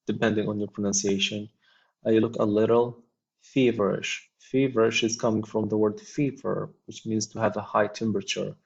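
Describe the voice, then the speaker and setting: A man teaching an English lesson, explaining a textbook unit slowly with frequent ums and reading dialogues aloud. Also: lowish voice, steady tone, gravelly, husky, muffled recording.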